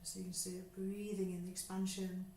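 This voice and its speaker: Soothing woman guiding slow breathing. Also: lowish voice, completely flat delivery, dark tone, a little hiss or hum. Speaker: yoga teacher. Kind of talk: guided breathing instruction. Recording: echoey room with faint ambience.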